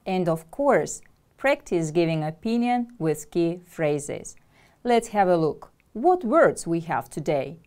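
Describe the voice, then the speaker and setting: Woman, teacher, slow unhurried delivery, careful drilled pronunciation, classroom instruction. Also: mid-range voice, a little mellow. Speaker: English language teacher.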